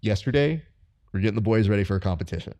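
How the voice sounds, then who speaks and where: Male host, low-pitched, casual and animated, mimics people mid-story. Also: very fast, no echo. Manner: animated storyteller, acts out quotes. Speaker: interviewer and coach. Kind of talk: casual interview chat.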